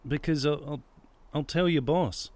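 A man's voice: medium pitch, steady tone, moderate pace, natural voice. A man voicing a hot-tempered woman traveller who talks indignantly. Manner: indignant, shouting.

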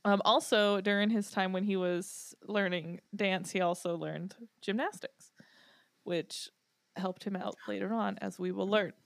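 A woman co-hosting a podcast, sharing facts with drawn-out fillers and teasing her co-hosts with frequent giggles. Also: mid-range voice, steady tone, gravelly, no room sound. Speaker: podcast co-host. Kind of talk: casual podcast storytelling.

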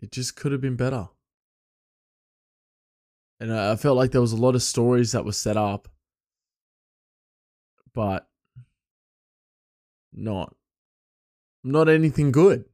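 A man hosting his podcast alone, rambling loosely and chuckling, his voice a bit hoarse. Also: mid-range voice, slow, long pauses, a little mellow, no room sound, studio quality. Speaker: podcast host. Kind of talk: casual podcast monologue.

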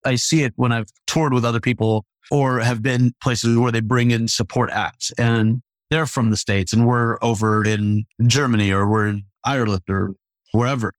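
A male stand-up comedian tells stories in a lively, conversational way, laughing now and then and slipping into the voices of the people he quotes. His voice sits at a middling pitch. The sound is close and dry, with no room around it. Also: moderate pace, no room sound. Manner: animated, laughing, acts out quotes. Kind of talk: casual storytelling in conversation.

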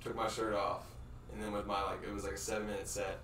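Laid-back comic, bright but low. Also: male voice, flat delivery, fast, slight background noise. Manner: laid-back, rambling, chuckles through stories. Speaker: stand-up comedian and podcast co-host. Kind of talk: casual storytelling chat. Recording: echoey room, mic at a distance.

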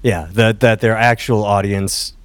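A man's voice: fairly low pitch, flat delivery, unhurried, clear, resonant tone, no echo. A man co-hosting a podcast in casual chat, candid and profane, telling stories with acted quotes. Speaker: podcast co-host.

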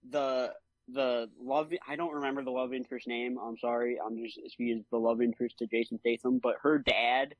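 Animated young man on a dry mic. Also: medium pitch, normal speed, no echo, dull audio. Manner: animated, laughs often, acts out quotes. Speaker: podcast co-host. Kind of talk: casual movie chat.

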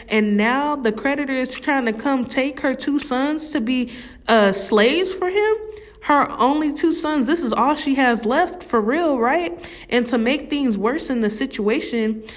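A woman giving a casual Bible study, reading scripture slowly and talking it through, often asking "right?". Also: fairly high pitch. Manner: slow, conversational, often asks "right?"; reads scripture slowly and deliberately. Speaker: Bible teacher.

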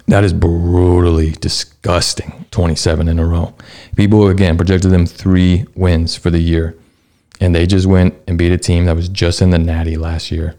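A young man hosting a solo sports podcast, talking casually and excitedly, with lots of "man" and mild swearing. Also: deep voice, moderate pace. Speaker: podcast host.

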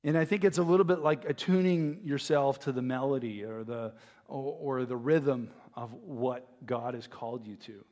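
A man's voice: medium pitch, normal speed, darkish tone, in a large hall. A man in his forties preaching a sermon, earnest and reflective, with many fillers and restarts. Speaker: pastor.

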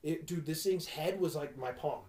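A man's voice: a little high, normal speed, reverberant, crowd noise. A man telling a long story in casual podcast chat, swearing and acting out what people said. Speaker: podcast host.

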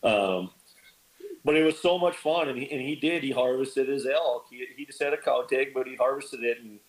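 A man guest on a podcast, telling stories in casual chat, lively and animated, acting out quoted lines with big jumps in pitch. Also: normal speed, rough recording. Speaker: podcast guest, bird dog kennel owner.

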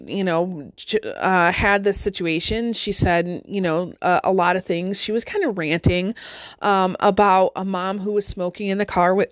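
A woman's voice: medium pitch, no room sound. A middle-aged woman life coach giving a motivational talk to listeners, conversational and full of rhetorical questions and "right?".

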